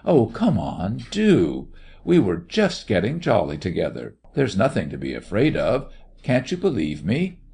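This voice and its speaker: A man playing a selfish, impatient gentleman who speaks gruffly and testily, dismissing his companion's fears. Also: lowish voice, huge pitch swings, measured pace, heavily acted. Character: selfish, impatient gentleman seducer, coarse and cross.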